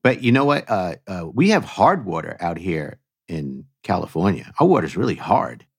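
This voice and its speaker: A man with a very deep voice trades wry, easygoing banter as a podcast co-host. The recording is dry and close, with no room sound. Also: big pitch swings, normal speed, breathy edge, no room sound. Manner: wry, conversational, plays the straight man. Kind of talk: casual comedic chat.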